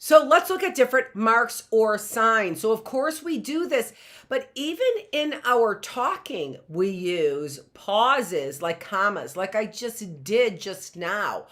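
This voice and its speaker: Woman teacher, middle-aged, chatty and playful, high voice, very animated pitch. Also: takes it slowly. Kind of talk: casual online lesson. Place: home classroom setup.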